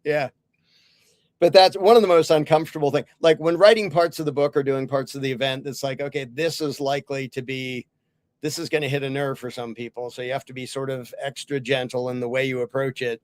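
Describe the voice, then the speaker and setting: A man's voice: mid-range voice, steady tone, brisk, darkish tone, dry recording. A man talking as a podcast guest and author, earnestly explaining his ideas through hypothetical questions in a casual interview.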